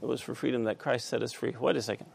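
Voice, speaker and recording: A man teaching a Bible study class, halting with many fillers and asking the class questions. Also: medium pitch, fairly even intonation, vocal fry, a little hiss or hum.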